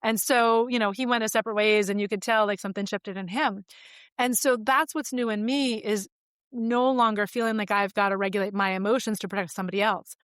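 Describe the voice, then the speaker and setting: A woman's voice: mid-range voice, fairly even intonation, a little fast, a bit bright, dry recording, studio quality. A woman in her forties, a podcast guest telling personal stories in a candid, reflective, conversational way with frequent fillers.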